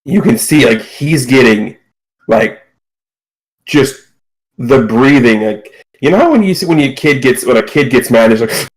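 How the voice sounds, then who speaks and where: A man's voice: mid-range voice, expressive, unhurried, pauses often, low-quality recording. A man as game master, narrating a tabletop game in a loose, casual way.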